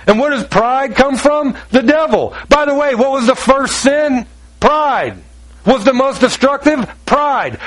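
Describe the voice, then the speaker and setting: High-voiced emphatic male preacher. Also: a bit bright, rough recording. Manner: emphatic, conversational preaching with rhetorical questions; acts out quoted voices. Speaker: pastor. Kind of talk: sermon.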